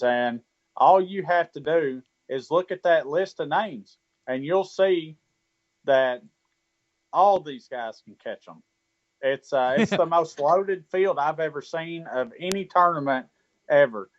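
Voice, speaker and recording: A man's voice: a little high, no echo, lo-fi sound. A man who fishes tournaments, talking easygoing and plainspoken in casual chat. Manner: easygoing, plainspoken, repeats "I'm telling you". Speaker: tournament angler guest host.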